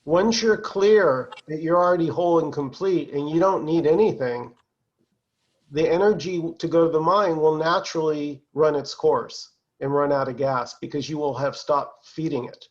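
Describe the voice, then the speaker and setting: A man leading a spiritual satsang over a video call, in a calm, conversational way with easy laughs. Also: a little high, moderate pace, dull audio. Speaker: satsang teacher.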